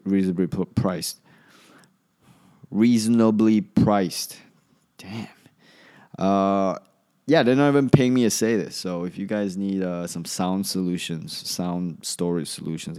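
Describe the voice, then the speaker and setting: With a low, slightly mellow voice, a man from Asia hosts his own solo podcast. A comedian with a slight Australian accent, he rambles chattily, keeps correcting himself, and restarts often.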